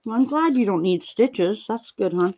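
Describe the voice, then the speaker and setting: A woman streaming, chatting casually with viewers while she crafts, rambling and gently reassuring them with lots of fillers. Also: mid-range voice, expressive, normal speed, dull audio. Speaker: livestreamer answering chat.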